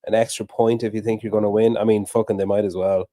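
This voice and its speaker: A man's voice: lowish voice, little pitch movement, fast, dark tone, no echo. A man co-hosting a podcast, sarcastic and profane in casual chat. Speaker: podcast co-host. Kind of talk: casual chat watching a broadcast.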